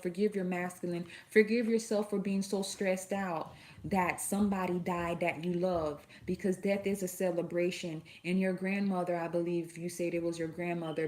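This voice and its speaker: A woman in her thirties with a lowish voice gives a live spiritual reading. She speaks in a soothing, affirming way, warmly addressing her listeners one by one. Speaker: spiritual card reader.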